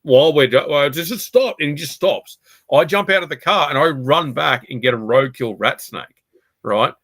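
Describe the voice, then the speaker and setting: A man hosting a podcast, telling animated anecdotes, swearing freely and acting out what other people said. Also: mid-range voice, normal speed, no echo, poor audio. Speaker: podcast host. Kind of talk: casual chat.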